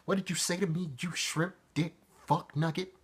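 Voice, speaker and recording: A man's voice: high-pitched, little pitch movement, normal speed, husky, voice pushed up. A man voicing a hostile, foul-mouthed inner version of himself, snarling insults. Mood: menacing. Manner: aggressive, insulting.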